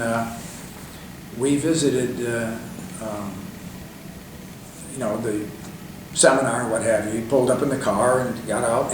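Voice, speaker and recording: An older man, a guest in an interview, telling long anecdotes in a loose, conversational way with many fillers and restarts. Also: mid-range voice. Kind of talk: rambling anecdotal storytelling. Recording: echoey room, distant mic, faint hiss.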